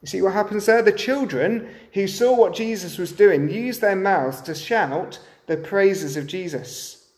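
A man's voice: sits high, a little slow, reverberant. A man preaching a sermon, often turning to the listeners with rhetorical questions.

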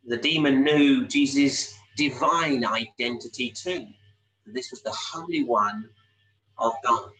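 A man's voice: mid-range voice, sharp tone, distant mic, low-quality recording. A man preaching a sermon, explaining a scripture passage with frequent rhetorical tag questions. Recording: voice a little off-mic, faint hum.

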